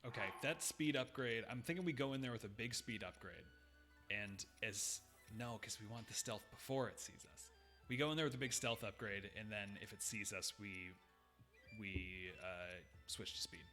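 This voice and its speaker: A man's voice: on the low side, moderate pace, sharp tone, faint music behind. A man playing a game live on stream, thinking aloud with hesitant fillers and some dry humor. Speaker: game streamer, main player. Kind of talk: live gameplay chat.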